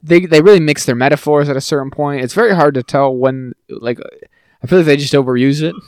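A man's voice: a little high, fast, a little mellow, clean tone, no echo, clean studio sound. A man co-hosting a podcast in casual chat, wry and mocking as he picks apart movie dialogue. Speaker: podcast co-host.

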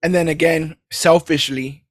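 A man recapping a movie in casual podcast chat, animated and laughing as he acts out lines. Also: a little high, a little slow, dry recording, studio quality. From New York City. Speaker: podcast co-host.

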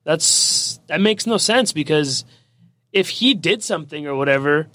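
A man's voice: on the high side, lively intonation, measured pace, bright, forceful tone, no room sound. A man in a casual chat who talks bluntly, swears and fires rhetorical questions.

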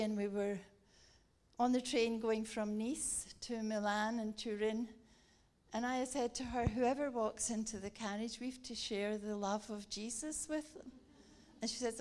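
Slow-speaking woman preacher telling a story. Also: fairly high pitch. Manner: animated, acts out the story with laughter. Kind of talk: sermon with storytelling.

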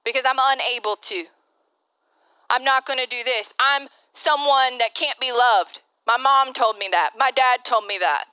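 A woman's voice: high voice, moderate pace, pushed and bright, clear, resonant tone, no room sound. A woman pastor preaching a candid sermon, laughing often and acting out the voices she quotes.

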